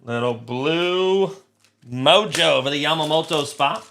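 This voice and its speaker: A man runs a live trading card break in a slow, unhurried drawl, his voice sitting a little high and sounding bright and forceful. He talks crudely and jokes as he opens packs, then bursts into shouts when a big card turns up. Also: slight background noise. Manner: crude, excitable, shouts over big pulls.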